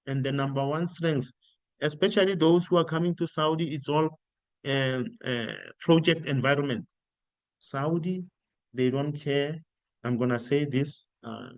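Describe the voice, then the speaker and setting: Animated South African man giving career advice. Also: mid-range voice, no echo. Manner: animated storytelling, acts out quoted dialogue. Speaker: career coach. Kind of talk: informal career advice talk.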